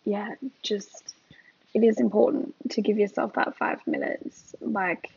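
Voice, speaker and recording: A woman's voice: mid-range voice, animated, measured pace, creaky, darkish tone, breathy edge, muffled recording. A mother co-hosting a parenting podcast, chatting candidly and laughing as she tells stories, worn out from lost sleep. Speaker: podcast co-host. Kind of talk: casual chat.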